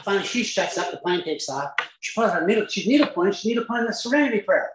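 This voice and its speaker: A man from Utah telling a humorous personal story as a speaker at a recovery meeting, with lively asides and chuckles. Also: high-pitched, fast talker, reverberant, background noise.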